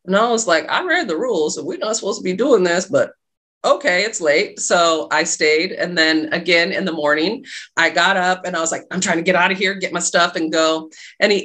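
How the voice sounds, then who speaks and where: A woman's voice: fairly low pitch, a little fast, a bit bright. A middle-aged woman, a guest telling a personal story in a casual interview, acting out the dialogue as she goes. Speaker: guest, love and life coach.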